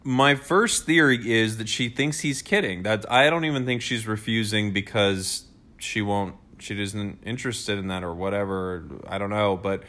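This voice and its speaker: A man talks through a relationship question in a loose, casual chat, his voice sitting a little on the low side. He rambles and jokes and often breaks into laughter. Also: moderate pace, sharp tone. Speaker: podcast co-host.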